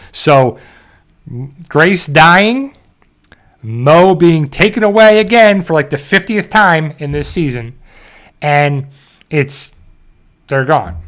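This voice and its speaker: A man's voice: a little high, lively intonation, slow, fairly bright tone. A man hosting a show, animatedly recapping a TV episode in casual talk and briefly mimicking the characters. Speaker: show host.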